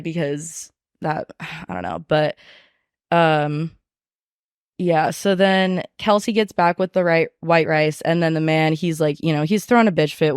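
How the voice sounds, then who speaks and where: A woman's voice: deep voice, clean tone, dry recording. Young woman telling a work story, dry. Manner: animated, profane, lots of fillers. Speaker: podcast guest. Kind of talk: casual storytelling.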